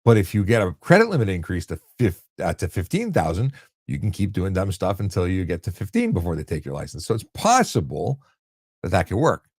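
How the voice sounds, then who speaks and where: A man's voice: sits low, wildly swooping pitch, fairly quick, a little mellow, breathy edge, no room sound, studio quality. A man hosting a casual live question-and-answer stream about traffic law, talking bluntly and conversationally with frequent restarts. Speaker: host answering viewer questions.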